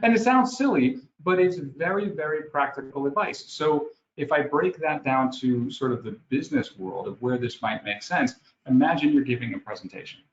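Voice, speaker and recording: A man from New York with a New York accent, a guest speaker telling lively stories in a webinar talk. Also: normal speed, few pauses. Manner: lively storytelling, acts out scenes with rising pitch. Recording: roomy, dull lo-fi audio with faint ambience.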